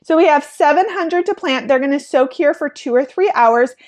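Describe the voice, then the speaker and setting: A young woman with a slightly high voice talks casually about her farm in a how-to vlog. She is chatty and bubbly and says "like" a lot. She sounds like a friendly flower farmer sharing tips. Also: moderate pace, a little mellow. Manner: chatty and bubbly, with frequent "like" and laughter.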